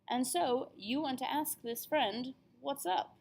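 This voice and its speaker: A woman's voice: high-pitched, slow, vocal fry, few pauses, a little mellow, breathy edge. A young adult woman teaching an introductory language lesson, upbeat and careful over pronunciation. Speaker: French teacher. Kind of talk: classroom lesson video.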